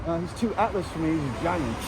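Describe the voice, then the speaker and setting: A high-voiced man rambles through a satirical street report, crude and deadpan. He is outdoors on a city street at night and talks into a handheld camera. Faint traffic hums behind him. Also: fast. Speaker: street vlogger asking passers-by questions.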